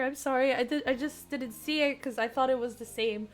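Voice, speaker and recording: A high-voiced young woman reads a dating game aloud to her stream, giggly and quick to get excited. Her voice sounds strained and starts to crack from so much reading. Soft music plays faintly underneath. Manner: giggly, excitable, chats with viewers.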